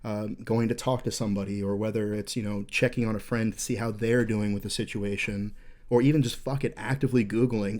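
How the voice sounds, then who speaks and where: A man's voice: lowish voice, fairly even intonation, a little fast, a little mellow. Profane, intense man telling a war story. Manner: profane, intense, rambling with frequent fillers. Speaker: podcast host, veteran. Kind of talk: casual podcast storytelling.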